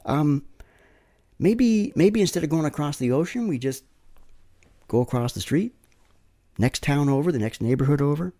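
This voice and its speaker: A man's voice: on the high side, lively intonation, normal speed, long pauses, mellow. A man preaching a sermon, telling stories conversationally and checking in with "right?" tag questions.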